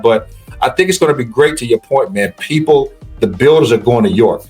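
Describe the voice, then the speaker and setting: A man co-hosting a casual real estate chat, animated, often saying "man" and acting out what clients told him. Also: medium pitch, fairly quick, faint music behind. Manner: animated, says "man" a lot, acts out quotes. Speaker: real estate agent, co-host. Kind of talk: casual chat about the housing market.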